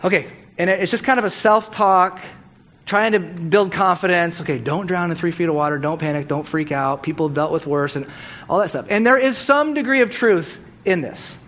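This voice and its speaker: A middle-aged man with a high-pitched voice tells a story during a sermon at normal speed. His manner is casual and animated, and he acts out the quoted lines.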